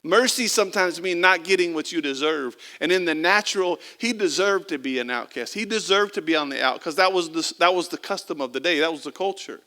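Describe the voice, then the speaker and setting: Man, pastor, sermon, high voice, bright tone, conversational, swings between loud and quiet. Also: a little fast, hardly any pauses, long reverb tail. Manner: acts out quoted people in a casual voice.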